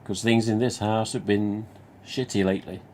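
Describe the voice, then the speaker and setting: A man's voice: lowish voice, fairly even intonation, moderate pace, a little mellow, a little hiss or hum. A man with a Nottingham accent, hosting a live stream and casually telling a rambling, sweary story with restarts. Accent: Nottingham English. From England.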